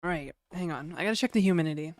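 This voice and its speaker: A woman's voice: lowish voice, racing, darkish tone, no room sound, clean studio sound. A woman streaming live, chatting casually and rambling while reading out chat messages.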